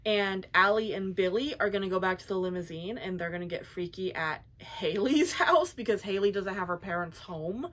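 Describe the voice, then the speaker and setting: Young woman book reviewer, chatty, loose and animated, mid pitch. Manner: chatty, filler-heavy, animated. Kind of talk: casual plot recap.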